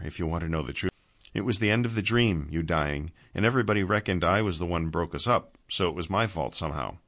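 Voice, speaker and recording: A man's voice: deep voice, fairly bright tone, heavily acted. A man voicing a blunt, wry man brought back from death, speaking.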